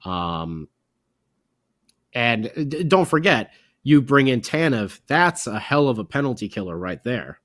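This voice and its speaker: Animated man hosting a sports podcast. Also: mid-range voice, measured pace, dry recording, studio quality. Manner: animated, joking, rambling. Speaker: podcast co-host. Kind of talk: late-night casual sports chat.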